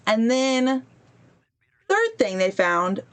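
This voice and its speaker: Speaking very slowly in a clean, fairly high, sing-song voice, a woman hosts a podcast and recounts a story casually while gaming on a livestream. Chatty and prone to digressions, she pauses to fix her stream and briefly imitates the people she quotes.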